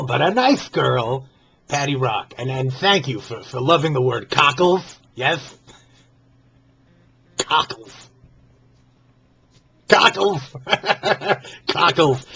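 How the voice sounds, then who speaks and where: A man's voice: a little high, gravelly, a bit bright, full character voice. A man voicing a brassy, gossipy older Jewish woman who hosts a comedy show, talking in a flamboyant, theatrical way. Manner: flamboyant, theatrical, keeps gushing "fabulous". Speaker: host of a comedy show segment. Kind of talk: comedic character monologue.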